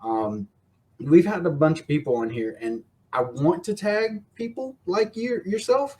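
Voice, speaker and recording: A man's voice: fairly high pitch, animated, unhurried, warm tone. A man hosting a podcast, chatting in a friendly, rambling way. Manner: friendly, rambling, laughs often. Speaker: podcast host. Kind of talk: casual podcast chat.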